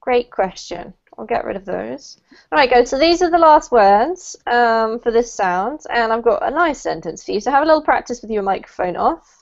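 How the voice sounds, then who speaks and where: Encouraging woman teaching pronunciation. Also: expressive. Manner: encouraging, clear and deliberate. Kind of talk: online group pronunciation lesson. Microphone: video call. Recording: muffled low-fidelity video call audio.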